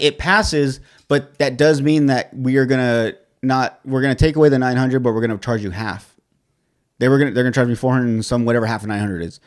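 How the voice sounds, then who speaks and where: A man co-hosting a podcast, telling a frustrating story in casual chat, swearing a lot and quoting both sides of the conversation. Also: mid-range voice. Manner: profane, exasperated storytelling with quoted dialogue. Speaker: podcast co-host.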